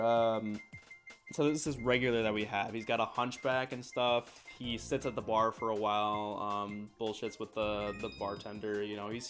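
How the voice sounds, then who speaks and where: A young man from the United States telling a rambling, laughing story on a live stream, swearing often. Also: lowish voice.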